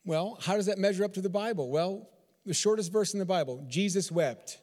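High-voiced preaching man in a reverberant hall. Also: a little fast, darkish tone. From Texas. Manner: repetitive, emphatic rhetorical questions. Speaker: pastor. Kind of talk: sermon.

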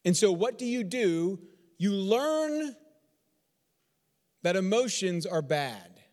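A man with a high voice preaches from Texas-born conviction, stacking repeated phrases and rhetorical questions. His sermon rings out with a long reverb, as if in a large sanctuary. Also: big pitch swings, slow, a little mellow. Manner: repetitive, emphatic rhetorical questions. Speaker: pastor.

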